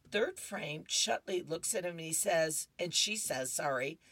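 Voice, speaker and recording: A woman's voice: low-pitched, expressive, a little slow, hardly any pauses, slightly rough, no echo. A woman reading comic strips aloud on a radio reading service, chatting with listeners between panels. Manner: chatty, warm asides to listeners. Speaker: radio reader.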